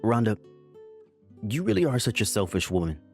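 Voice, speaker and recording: A man's voice: lowish voice, big pitch swings, moderate pace, vocal fry, soft background music. A man playing a defensive, evasive husband in a dramatized story, placating and brushing off complaints. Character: defensive, evasive husband trying to please his mother.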